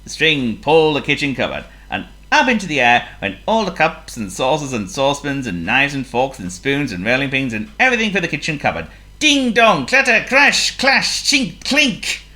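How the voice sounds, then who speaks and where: Very deep-voiced woman reading a children's story. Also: fairly quick, hardly any pauses. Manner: expressive, playful, asks the listener questions.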